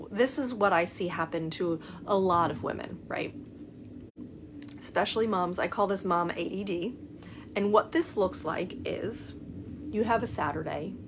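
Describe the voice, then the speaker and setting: A middle-aged woman coach telling a client story in casual talk, acting out both sides of the dialogue with lively shifts. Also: mid-range voice, a little hiss or hum.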